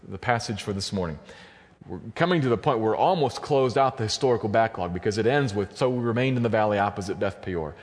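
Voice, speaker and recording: A man preaching a sermon, walking through a passage and building to fervent, high-pitched emphasis. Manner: builds to loud, high-pitched fervor at climaxes. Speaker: pastor. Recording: long church hall reverb.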